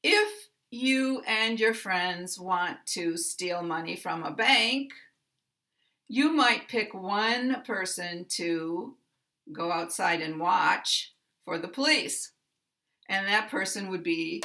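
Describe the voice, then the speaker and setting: An American woman teaching pronunciation, speaking deliberately and repeating example sentences with clear stress. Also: medium pitch, pushed and bright.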